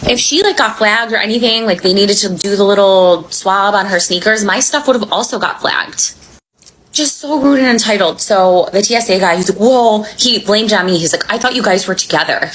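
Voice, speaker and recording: A woman vlogger telling a travel story in a casual, sassy, animated way, acting out the other people. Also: mid-range voice, normal speed, a little hiss or hum, poor audio. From Miami.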